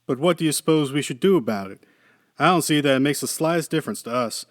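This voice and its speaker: A man reading the part of a weary, skeptical male engineer with a dry, gruff manner. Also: a little high, lively intonation, fast talker, dry recording, close to an everyday voice. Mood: musing.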